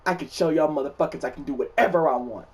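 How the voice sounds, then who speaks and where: A young man voicing a bitter, vengeful girl, speaking in a flat, sullen way at a distance from the mic. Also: on the high side, fast talker, natural voice. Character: girl classmate turned vengeful, bitter and cold.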